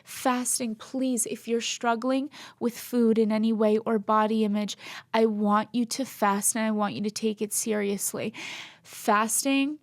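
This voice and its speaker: A woman's voice: fairly high pitch, fairly even intonation, unhurried, no echo. A young woman co-hosting a candid faith podcast, talking earnestly and rambling, often laughing at herself. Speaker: podcast co-host.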